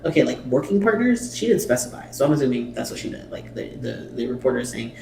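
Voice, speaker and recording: A man's voice: mid-range voice, very animated, quick pace, creaky, darkish tone. A man hosting a reaction video, bluntly commenting and reading subtitles aloud with swearing and exasperation. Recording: echoey room, mic at a distance, faint noise.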